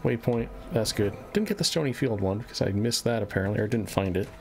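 A man giving relaxed, casual commentary as he plays a game on a live stream, muttering to himself as he goes. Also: lowish voice, quick pace. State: a little out of breath. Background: game music.

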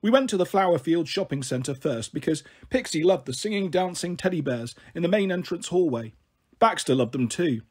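A man reading a children's story aloud with gentle, steady narration. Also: fairly high pitch, husky.

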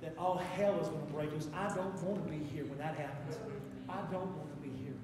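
Man, Appalachian accent, pastor preaching, high voice, distant mic, long hall reverb. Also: fairly even intonation, brisk, crowd noise. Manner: preaching with rising fervor, repetitive exhortations. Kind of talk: sermon. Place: church sanctuary. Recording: echoey church hall, mic from afar.

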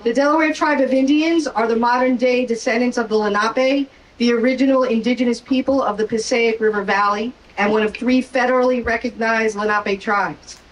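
A woman's voice: a little high, fairly even intonation, brisk, hardly any pauses. A woman, a park service official, reading a formal prepared introduction of a guest speaker. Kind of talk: formal prepared welcome speech. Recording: distant mic with faint background noise.

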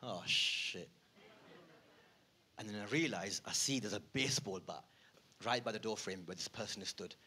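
A man performing live stand-up, swinging from muttered asides to loud rants. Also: on the low side, moderate pace, pauses often. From United Kingdom. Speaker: stand-up comedian. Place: theatre stage.

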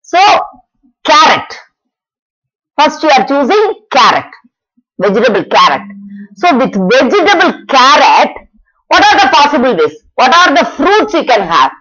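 A woman with a high-pitched, very animated voice, fairly bright and slightly rough, explains a math lesson in class. She goes slowly and repetitively, posing questions and answering them herself while repeating each step. The recording is dull and lo-fi.

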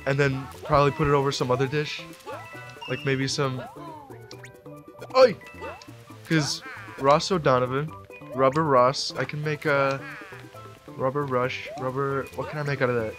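A young man in his late teens giving rambling let's play commentary into a desk mic, breaking into sudden excited yelps. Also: mid-range voice, moderate pace, faint music behind. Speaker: gamer.

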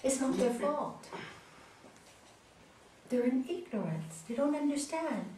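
A woman with a fairly high voice gives a spiritual teaching talk. She speaks gently but with emphasis, and she acts out the voices in her stories. She is picked up from some distance in an echoey hall, with faint ambient noise. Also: lively intonation, slow pace. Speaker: raja yoga teacher.

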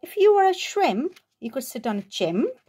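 A woman's voice: high voice, big pitch swings, moderate pace, warm tone. A woman voicing a cheerful male dog who playfully teases, in a children's picture book reading. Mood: teasing. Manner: playful, teasing.

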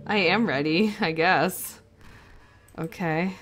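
A woman's voice: fairly low pitch, slow, a bit bright. A young woman playing a game and commenting on it, jumpy and nervous, often laughing. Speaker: let's play host.

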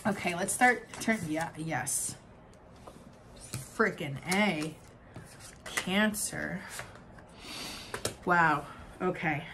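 A young adult woman giving an oracle card reading to camera, gushing and excitable, laughing often and trailing off mid-sentence. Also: fairly low pitch, drawn-out words, long pauses, noisy background. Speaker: tarot card reader.

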